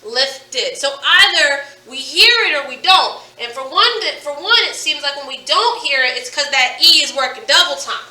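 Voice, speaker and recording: A woman's voice: high-pitched, moderate pace, hardly any pauses, bright, forceful tone. A woman teaching a phonics lesson, playfully stretching and stressing the sounds in each word. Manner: playful, over-enunciating target sounds. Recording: echoey room, distant from the mic.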